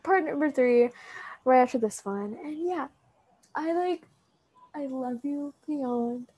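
Rambling young woman, mellow voice. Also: high voice, slow, muffled recording. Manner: rambling, filler-heavy, heartfelt; standing while talking. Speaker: vlogger addressing a friend. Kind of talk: emotional casual monologue.

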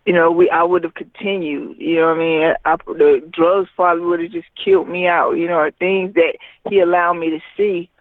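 A man with a notably high voice tells his story in a loose, rambling way, leaning on fillers. He comes through a tinny phone line with a dry sound and no room around it. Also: flat delivery, brisk, hardly any pauses, dry recording. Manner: rambling, heavy with fillers like "you know what I mean". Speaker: guest, recording artist. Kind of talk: personal testimony in conversation.

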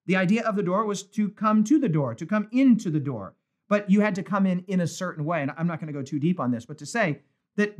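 A male pastor leading a live-streamed Bible study, reading viewers' comments aloud with enthusiasm. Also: high-pitched.

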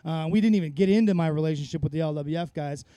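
A man's voice: fairly high pitch, quick pace, warm tone, smooth, no room sound. A man, a podcast guest, telling rambling, profane stories in a casual chat on a close mic. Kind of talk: casual conversational storytelling.

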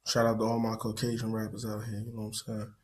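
A man's voice: on the low side, monotone, fast talker, a little mellow. A man co-hosting a casual podcast, laid-back and easygoing, who keeps dropping "you know what I'm saying" into his talk. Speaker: podcast co-host.

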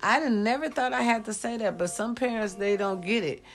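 A woman's voice: a little high, brisk. A woman who is sick, lying down and talking bluntly to her viewers, swearing freely and giving life advice. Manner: blunt, preachy, swears freely, says y'all often. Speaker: vlogger. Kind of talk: casual talk to viewers.

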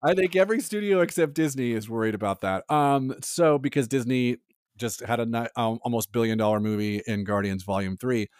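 A man co-hosting a casual pop-culture podcast, talking in an animated way with lots of fillers and frequent laughs. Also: medium pitch, a little fast, clean tone, no room sound, studio quality. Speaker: podcast co-host.

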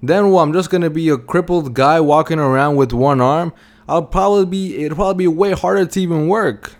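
A bitter, angry cobbler who snaps at customers with loud, scornful complaints, as a man tells the story. He sounds fed up with everyone and everything. His pitch sits around the middle for a man. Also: normal speed, clean tone, lightly acted. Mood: outraged.

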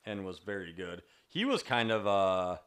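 A man's voice: deep voice, big pitch swings, normal speed, fairly bright tone, clean tone. A man co-hosting a podcast in casual chat, laid-back and laughing often. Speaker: podcast co-host.

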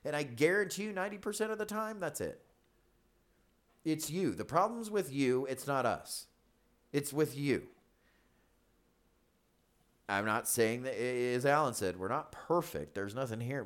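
A man's voice: mid-range voice, expressive, measured pace, long pauses. Blunt man preaching on a podcast. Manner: blunt, emphatic, repeats himself. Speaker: pastor and podcast co-host.

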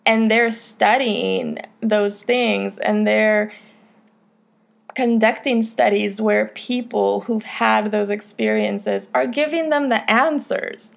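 A woman's voice: mid-range voice, fairly even intonation, slow pace, vocal fry. A young woman hosting a casual podcast, talking candidly, swearing freely and filling her speech with "like" and "you know". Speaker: podcast host.

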